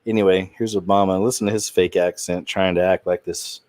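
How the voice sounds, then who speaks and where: Male host, lowish voice, dry room, rambling and indignant monologue. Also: fairly even intonation, a little fast, a little mellow, no echo. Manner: rambling, indignant, with trailing restarts. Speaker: channel host. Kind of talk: casual commentary monologue.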